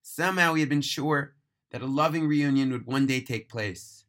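Male storyteller, mid-pitched, bright and clear, dramatic read-aloud delivery. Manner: earnest, emphatic, slowing on key phrases. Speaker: narrator.

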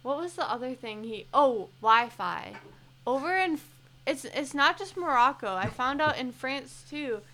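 A woman's voice: high-pitched, animated, unhurried, pushed and bright. A woman guest on a podcast, chatting casually and telling stories. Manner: chatty, storytelling.

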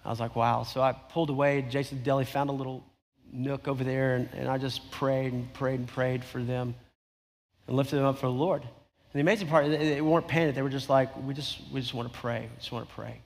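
A man's voice: mid-range voice, flat delivery, a little fast. A middle-aged man preaching a sermon, telling a story in a conversational way with emphatic repetition. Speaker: pastor. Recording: long hall reverb.

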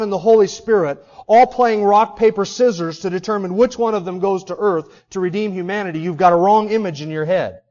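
High-voiced man preaching a sermon. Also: darkish tone, muffled recording. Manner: rhetorical questions, emphatic teaching. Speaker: pastor. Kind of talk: expository sermon.

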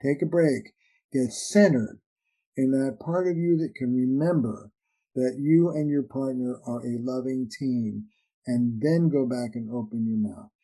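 Mellow-voiced man explaining relationship ideas. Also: medium pitch, measured pace, poor audio. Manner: animated, acts out little dialogues with shifting voices. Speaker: relationship therapist and author. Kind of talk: conversational interview answers.

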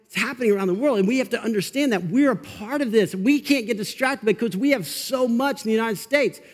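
A male pastor giving an energetic, conversational sermon in church, getting fired up and laughing as he talks. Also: very high-pitched, brisk. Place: church sanctuary. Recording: long reverb of a large hall.

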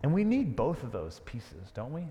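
A man preaching a sermon, dramatic and conversational, dropping to a hush on key lines. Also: medium pitch, wildly swooping pitch, moderate pace, long reverb tail. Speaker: pastor.

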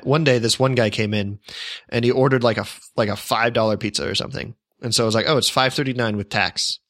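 Co-hosting a podcast, a young man tells a lengthy story in relaxed conversation, frequently starting over and poking fun at himself. His mid-range voice has a fairly bright tone, captured in a dry, clean studio recording.

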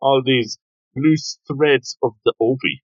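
A man's voice: mid-range voice, no echo. A man co-hosting a podcast in a casual talk about manga, chiming in with playful jokes. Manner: playful, quick jokey interjections. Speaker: podcast co-host. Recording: dull lo-fi dry mic.

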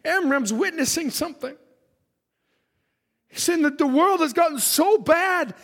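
A male preacher delivering a fervent sermon, telling a story and shouting exhortations, heard with a long church reverb. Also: extremely high pitch, expressive, measured pace.

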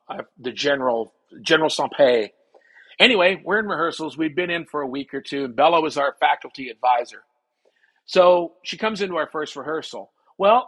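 Guest actor, husky male voice, lively storyteller who acts out the people he quotes. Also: a little high, low-quality recording. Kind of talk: storytelling in conversation.

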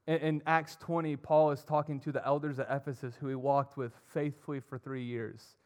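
A man's voice: medium pitch, little pitch movement, moderate pace. Earnest young man preaching a sermon. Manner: earnest, rising to emphatic and dropping to soft. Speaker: pastor.

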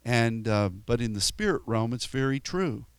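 A man preaches a sermon earnestly and ramblingly, restarting often and sometimes rising sharply in pitch and volume for emphatic quotes. His voice is expressive and clean-toned at normal speed, in a dry recording.

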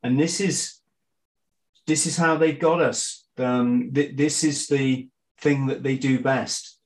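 Halting man with many restarts. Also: mid-range voice, steady tone, low-quality recording. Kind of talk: casual conspiracy chat.

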